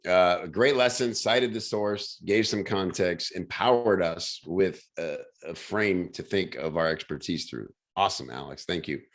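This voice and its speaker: Enthusiastic deep-voiced male host. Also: a little slow, hardly any pauses. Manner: enthusiastic, rambling with fillers. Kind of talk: casual video-call chat. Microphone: video call.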